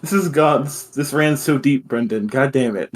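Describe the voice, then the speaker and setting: A man with a mid-range voice reacts in an animated way at a game table. He thinks aloud and swears freely in casual chat. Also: mid-range voice, normal speed. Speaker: player.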